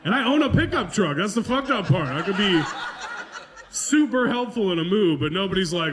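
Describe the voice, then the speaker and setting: A man headlining a comedy club set talks to the room in a loose, conversational way. His voice sits a little high, and he swears casually while mocking himself on a handheld stage mic. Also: expressive, moderate pace, background noise. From Pacific Northwest, US. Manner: loose, profane, conversational, self-deprecating.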